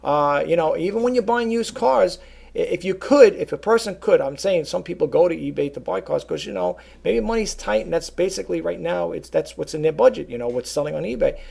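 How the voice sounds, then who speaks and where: A middle-aged vlogger and eBay reseller rambles casually to camera, full of fillers and asides, calling his viewers folks. His fairly high voice is animated and brisk, gravelly and a little mellow, with a breathy edge.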